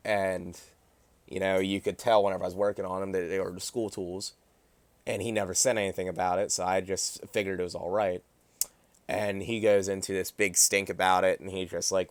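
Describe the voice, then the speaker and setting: A young man with a lowish voice tells a story from his own life in loose, swearing, rambling talk. He sounds indignant and leans on lots of fillers. The sound is close and dry, with almost no room around it. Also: dry recording. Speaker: livestreamer. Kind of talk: casual storytelling on a livestream.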